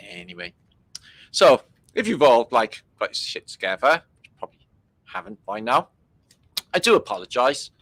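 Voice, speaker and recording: A man's voice: mid-range voice, very animated, moderate pace, long pauses, a bit bright, no room sound, low-quality recording. A man hosting a livestream, making sarcastic jokes and slipping into silly voices. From Britain. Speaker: livestream host. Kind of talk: casual mocking commentary.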